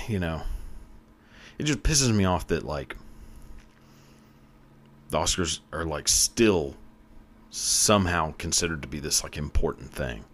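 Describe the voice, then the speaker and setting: A podcast host in casual solo commentary, ranting profanely and emphatically about award shows. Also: male voice, very deep voice, a bit bright.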